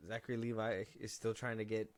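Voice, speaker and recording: A young man co-hosting a film podcast, casually running through film news in a relaxed, rambling way. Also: on the low side, brisk. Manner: relaxed, rambling, trails off and restarts. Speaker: podcast co-host.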